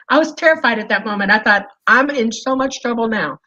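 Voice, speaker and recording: A woman telling a personal story in casual speech, animated and full of fillers. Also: fairly high pitch, brisk, few pauses, dull audio. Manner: animated, lots of fillers and "okay?". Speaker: guest recounting an experience.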